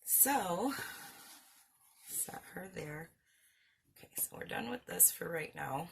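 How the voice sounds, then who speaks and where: A woman's voice: fairly low pitch, animated, takes it slowly, gravelly, long pauses, a little hiss or hum. A woman hosting a craft video, chatting casually, mocking herself and laughing often as she works. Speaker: craft channel host. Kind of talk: casual craft-along chat.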